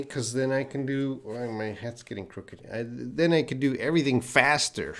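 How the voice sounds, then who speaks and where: A man's voice: medium pitch, normal speed, few pauses, a bit bright. A man from Canada, teaching live and answering viewers by name, patient and full of fillers and restarts. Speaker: English teacher. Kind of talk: live-streamed English lesson reading viewer chat. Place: indoor room at a desk with a board.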